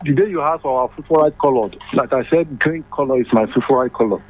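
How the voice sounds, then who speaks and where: A middle-aged man calling in to a radio show, talking haltingly and repeating his words. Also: medium pitch. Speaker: radio caller. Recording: muffled phone line, light hiss.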